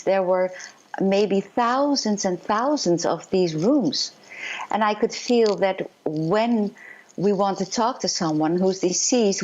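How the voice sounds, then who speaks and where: A woman psychic medium telling her story in an interview, earnest and halting, with many fillers. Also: lowish voice, a little mellow, highs cut off.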